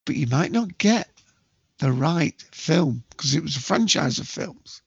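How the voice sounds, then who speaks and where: A man hosting a casual movie quiz, chatty and jokey, with bursts of loud quote acting. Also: on the high side, animated, measured pace, gravelly, husky, dry recording. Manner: chatty, jokey, self-mocking, acts out movie quotes loudly. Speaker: quiz host. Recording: dull lo-fi dry home recording.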